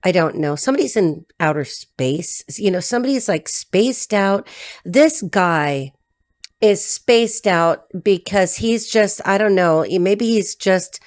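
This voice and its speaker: Chatty, profane woman tarot reader. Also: slow. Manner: rambling, frank and profane, laughs often; swings between low asides and high excited bursts. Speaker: tarot reader and life coach. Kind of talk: casual unscripted chat to camera.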